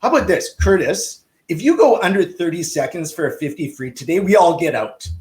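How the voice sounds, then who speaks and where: A man doing a higher-voiced, demanding swim coach. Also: expressive, a little fast, reverberant, natural voice. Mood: challenging.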